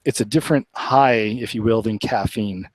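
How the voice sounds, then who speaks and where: A man's voice: lowish voice, moderate pace, dry recording, low-quality recording. A man from Oklahoma, hosting a live show in a casual, rambling, earnest way and laughing often. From Oklahoma, USA. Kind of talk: casual live-stream chat.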